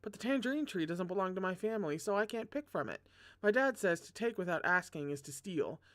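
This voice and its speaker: A reader voicing a timid but stubborn little girl in a read-aloud novel, soft and quivering. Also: mid-range voice, very animated, fairly quick. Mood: nervous.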